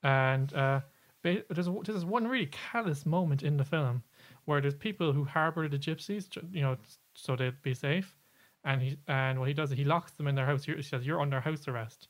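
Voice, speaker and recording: A man's voice: a little high, normal speed. A man hosting a casual podcast, chatty and often stumbling over his words and restarting. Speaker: podcast host.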